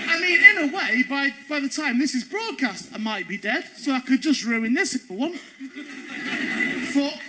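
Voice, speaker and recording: A man's voice: very high voice, a little hiss or hum, rough recording. A man telling a cheeky, swearing stand-up story to an audience. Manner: animated, cheeky, swears freely. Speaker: stand-up comedian.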